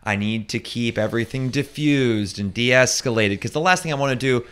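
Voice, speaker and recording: A man from Florida telling a personal story in casual talk show chat, with quick asides. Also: mid-range voice, fairly bright tone, clear, resonant tone. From Florida, USA. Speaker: co-host.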